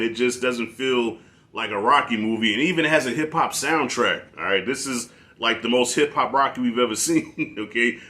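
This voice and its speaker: Bright-voiced, chatty male film reviewer. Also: mid-range voice. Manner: animated, chatty, frequent restarts. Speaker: guest movie reviewer. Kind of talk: casual conversational film review.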